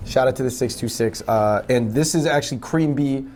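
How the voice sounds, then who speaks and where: A man's voice: medium pitch, fairly quick, a little mellow, a little hiss or hum. Rambling young man chatting in a dessert shop. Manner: rambling, lots of fillers and restarts. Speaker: web video host. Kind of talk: casual interview chat.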